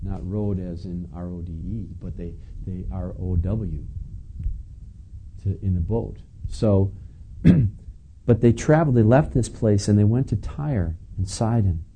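A man's voice: low-pitched, unhurried, dark tone, breathy edge, rough recording. A man preaching a conversational sermon, reading scripture and adding casual asides to his listeners. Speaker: pastor. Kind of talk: sermon teaching.

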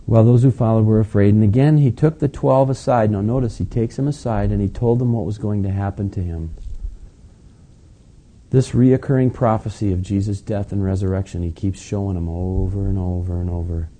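A man's voice: fairly low pitch, fairly even intonation, a little fast, warm tone. A man preaching a sermon in a conversational, folksy way, with joking asides to his congregation. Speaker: pastor.

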